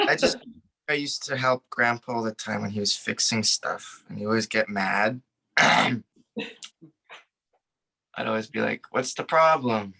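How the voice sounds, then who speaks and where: A man's voice: fairly low pitch, a little slow, creaky, pauses often, sharp tone, a little hiss or hum, rough recording. A young man hesitantly telling a family story, acting out what was said. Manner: hesitant, acts out quotes. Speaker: grandson sharing a story. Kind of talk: casual storytelling.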